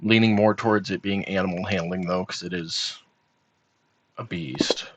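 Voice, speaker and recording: Man, fairly low voice, dungeon master, easygoing, quick, tabletop game. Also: fairly even intonation, heavy background noise.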